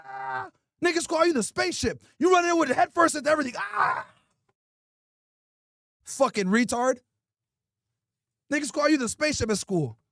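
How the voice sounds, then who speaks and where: A man's voice: very high-pitched, fast, a bit bright, no echo, clean studio sound. A male host doing an improvised comedy roast, crude and mocking, hurling insults.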